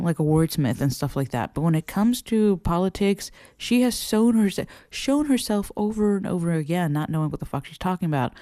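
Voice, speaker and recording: Man, casual commentary host, sarcastic, expressive, mellow voice, dry sound. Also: high-pitched, no room sound. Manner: expressive, sarcastic, swears often, laughs a lot. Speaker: podcast host.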